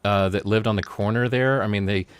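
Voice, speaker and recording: A man's voice: fairly low pitch, steady tone, a little fast, smooth, no echo. A man on a casual online panel, walking through details step by step as he makes his case.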